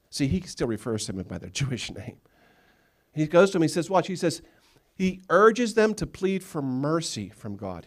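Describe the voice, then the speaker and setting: A pastor preaching a sermon, telling Bible stories with humor and acting out the characters' lines. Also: male voice, medium pitch. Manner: animated storytelling, acting out biblical characters with humor. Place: church sanctuary.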